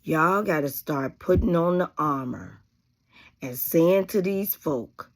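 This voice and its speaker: A woman's voice: low-pitched, expressive, takes it slowly. A woman host giving emphatic, preachy relationship advice straight to her audience, calling them honey and baby. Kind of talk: direct-to-camera advice talk.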